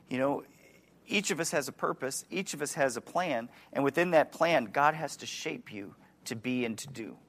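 A man in his forties with a Wisconsin accent preaches a sermon conversationally, asking his listeners questions and restarting words. His voice is on the high side and a bit bright.

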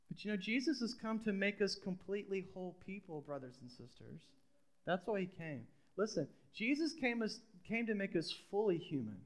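A man's voice: sits high, sing-song, normal speed. A middle-aged man preaching a sermon in a conversational way, repeating phrases and putting questions to the congregation. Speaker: pastor.

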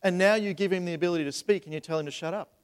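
A man's voice: high voice, racing, smooth. A man preaching a sermon as a pastor, asking the room rhetorical questions and stumbling over repeated words. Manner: acts out voices in retold scenes.

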